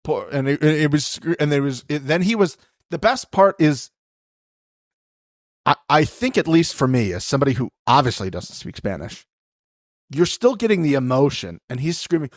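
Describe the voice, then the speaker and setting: A man co-hosting a podcast in casual chat, animated, acting out quotes and cursing freely. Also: on the high side, normal speed, dry recording, clean studio sound. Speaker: podcast co-host.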